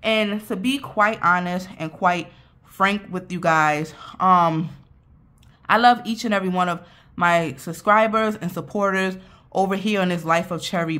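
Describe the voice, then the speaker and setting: A woman's voice: fairly low pitch, fairly bright tone. A young woman hosting a budgeting vlog, chatty and playful, speaking straight to her viewers and a little out of breath. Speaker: budgeting channel host. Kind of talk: casual vlog talk.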